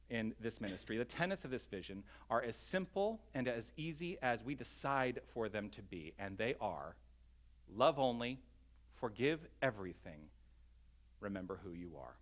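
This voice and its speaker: A man's voice: medium pitch, big pitch swings, normal speed. A man leading an online sermon as minister, earnest and inviting, speaking straight to his listeners and a little out of breath. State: slightly out of breath.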